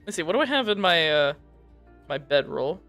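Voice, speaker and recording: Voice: medium pitch, sing-song, moderate pace, a bit bright, soft background music. A tabletop game player describing their character's actions in a playful, giggly way. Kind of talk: in-character tabletop play, casual chat.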